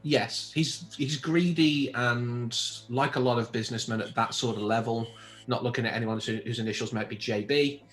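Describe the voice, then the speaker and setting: A man, chatting about a film in a rambling, animated way with many restarts. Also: mid-range voice, moderate pace. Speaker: podcast co-host. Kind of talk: casual film discussion.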